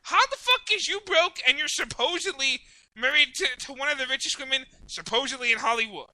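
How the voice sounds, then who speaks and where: High, bright-voiced ranting podcast host. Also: animated, fairly quick, dry recording, poor audio. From Mexican heritage. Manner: ranting, rambling, keeps apologizing and restarting. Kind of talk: casual profane chat.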